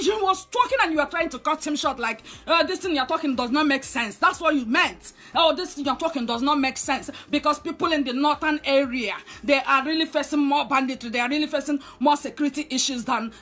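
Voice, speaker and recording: A Nigerian woman with a high-pitched voice rants angrily, scolding her target and hammering away with repeated rhetorical questions. Faint music plays quietly behind her. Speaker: online commentator. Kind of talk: angry direct-to-camera rant.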